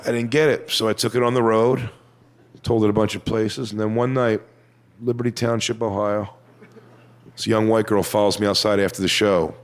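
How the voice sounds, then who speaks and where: A man doing a stand-up comedy routine, telling a crude story with punchlines that build to shouting. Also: fairly low pitch, fairly even intonation, normal speed.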